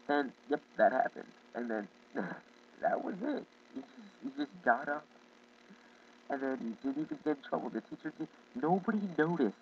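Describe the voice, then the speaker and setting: A man telling a childhood story in a casual vlog, rambling, halting and often breaking into laughter. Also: mid-range voice, vocal fry, distant mic, dull audio, slight background noise. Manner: rambling, giggly, halting with many restarts. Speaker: YouTube storyteller.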